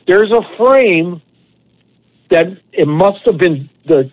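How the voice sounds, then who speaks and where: A man co-hosting a podcast, telling a long, animated, profane anecdote in a casual way. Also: high voice, takes it slowly, muffled recording, slight background noise. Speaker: podcast co-host. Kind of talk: casual storytelling.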